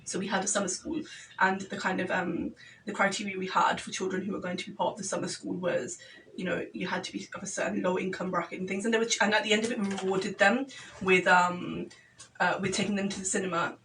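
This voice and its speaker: A woman's voice: mid-range voice, level tone, fast talker, a bit bright, distant mic, slight background noise, rough recording. A woman, a community organiser guesting on a radio talk show, making her points passionately and fluently. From Birmingham, England. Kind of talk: casual radio discussion.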